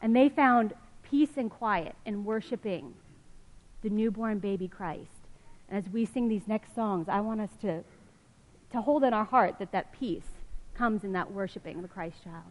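A woman reading a children's picture book aloud to a church congregation, in a gentle, sing-song storybook manner. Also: medium pitch, normal speed. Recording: long reverb of a church hall.

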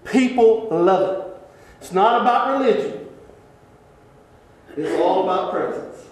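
A man preaching as a pastor, telling stories in an animated way, often laughing and dropping to hushed tones. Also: high voice, takes it slowly. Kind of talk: sermon storytelling. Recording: echoey church hall.

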